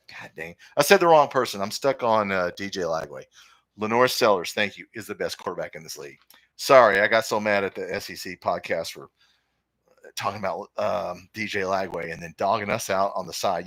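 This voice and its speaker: Opinionated live-stream sports host, male, low forceful voice, dry close sound. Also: dry recording. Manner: opinionated, rambling, reads chat comments aloud. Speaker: podcast host.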